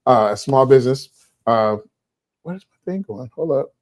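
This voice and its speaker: A man's voice: mid-range voice, animated, moderate pace, darkish tone, no echo. Easygoing man on a dry call. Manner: easygoing, laughing asides. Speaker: guest. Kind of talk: casual livestream chat.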